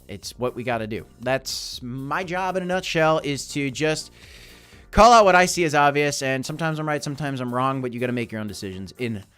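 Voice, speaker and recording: A man's voice: mid-range voice, smooth. A man hosting a casual crypto market livestream, talking energetically and hammering his points with repetition. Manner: energetic, emphatic, repeats points.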